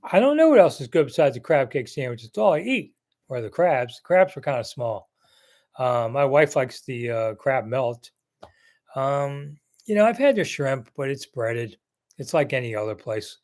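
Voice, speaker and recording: With a medium-pitched, darkish voice and a sing-song delivery at normal speed, a Maryland-area man in his sixties hosts a sports live chat. He answers viewers casually, rambling and chatty, throwing in jokey asides.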